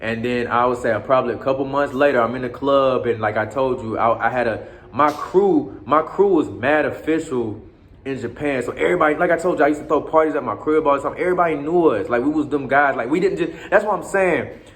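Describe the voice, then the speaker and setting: A man's voice: mid-range voice, fairly quick, a bit bright. A man casually telling a long story, in loose slangy talk full of cursing, restarts and asides to his listener. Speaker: storyteller recounting his time abroad.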